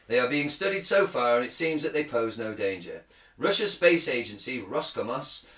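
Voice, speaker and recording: Animated man, bright and echoey. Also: mid-range voice. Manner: swearing, joking, animated. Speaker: podcast co-host. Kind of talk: casual chat, reading a news article aloud.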